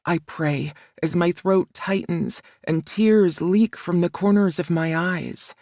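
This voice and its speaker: A woman narrating a romance audiobook in the first person, with a soft, measured, emotional reading. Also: fairly low pitch, no echo, studio quality.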